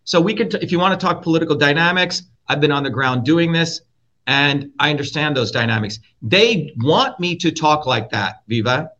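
A man from India, a guest in a heated interview, talking bluntly and forcefully, swearing and repeating his points. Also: fairly high pitch, animated, normal speed. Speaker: guest, presidential candidate. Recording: dull lo-fi audio.

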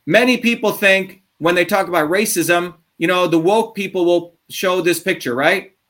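A man ranting combatively in an interview, profane and heated, swinging between fast bursts and drawn-out words. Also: sits high, fairly bright tone. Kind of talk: impassioned interview talk.

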